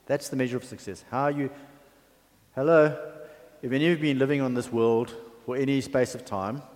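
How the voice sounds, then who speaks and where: A man's voice: mid-range voice, steady tone, fairly quick, a little mellow. A man preaching a sermon in a conversational, chatty way, with asides and fillers. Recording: long hall reverb.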